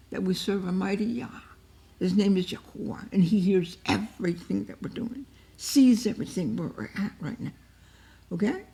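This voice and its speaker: A woman's voice: mid-range voice, vocal fry, warm tone. A woman leading an informal Bible lesson, emotive and repetitive, often acting out heartfelt cries to God as she encourages her listeners. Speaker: Bible study teacher.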